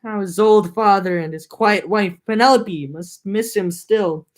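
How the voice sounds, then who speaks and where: A woman's voice: medium pitch, measured pace. A young woman reading an epic poem aloud, breaking off into joking slangy recaps. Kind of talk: casual reading with comic summaries.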